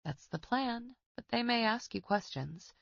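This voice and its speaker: A woman's voice: fairly high pitch, expressive, unhurried, vocal fry, no echo, lo-fi sound, pitched above the performer's own voice. A woman voicing a young female investigator who speaks earnestly and politely with some tension, in an audiobook. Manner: earnest, polite, a little tense.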